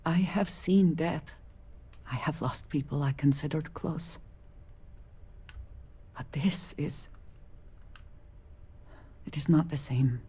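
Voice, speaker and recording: An actress voicing a reserved, grieving woman crewmate in a video game, speaking slowly and formally in a breathy half-whisper. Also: sits low, dark tone, heavily acted. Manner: slow, measured, formal.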